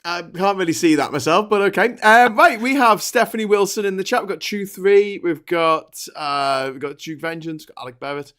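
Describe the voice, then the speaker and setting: Male host, slightly high voice, loose rambling chat-show patter with the odd swear. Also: moderate pace, hardly any pauses, fairly bright tone, smooth. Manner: chatty, rambling, swears and laughs. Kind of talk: casual political chat show.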